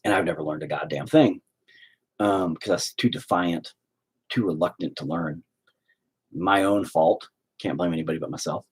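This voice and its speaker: A man's voice: low-pitched, normal speed, long pauses, breathy edge. A man vlogging about his own art in a rambling, sarcastic, self-mocking way, swearing often. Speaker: artist vlogger. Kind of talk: casual self-deprecating vlog.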